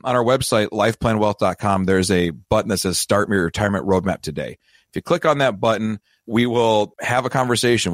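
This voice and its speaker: A man hosting a financial advice show, telling a self-deprecating story in a lively, casual way. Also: on the low side, dry recording, studio quality. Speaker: financial advisor and show host.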